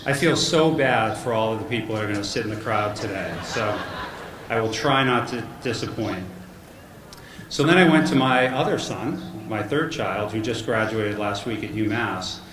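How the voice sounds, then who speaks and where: This middle-aged man's voice runs on the low side at a normal speed as he gives a commencement address. Speaking into a podium mic in an echoey, noisy hall, he shares humorous family tales at his own expense.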